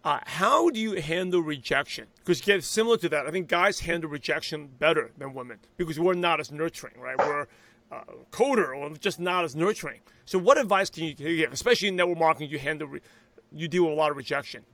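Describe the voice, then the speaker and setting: A man in his thirties hosting an interview, eager and reflective, quick to agree. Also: a little high, fairly bright tone. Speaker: podcast host. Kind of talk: casual interview talk.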